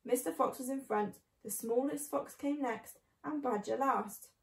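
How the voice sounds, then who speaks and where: A woman's voice: high-pitched, a little slow, creaky. Woman reading a children's story aloud. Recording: echoey room.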